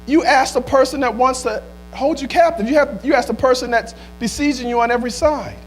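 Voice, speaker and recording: A male pastor preaching a sermon, asking the same questions again and again, stumbling over restarts and rising to shouts. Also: very high voice, brisk, faint music behind.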